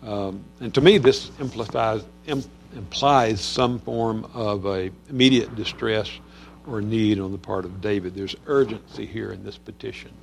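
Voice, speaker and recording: A man's voice: fairly low pitch, unhurried, creaky, slight background noise. A man teaching a Bible study on a Psalm in a conversational way, with frequent fillers and restarts.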